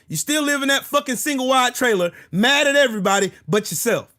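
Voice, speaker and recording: A man hosting his own channel, delivering a heated, profane political rant that bursts into shouting. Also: very high voice, animated, fairly quick. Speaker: political commentary channel host.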